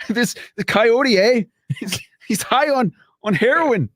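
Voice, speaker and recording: A man putting on a high sing-song mock Canadian fellow. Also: expressive, takes it slowly, a bit bright, no room sound, exaggerated voice. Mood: mock alarmed. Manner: jokey caricature tacking on "eh". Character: stereotypical timid Canadian man.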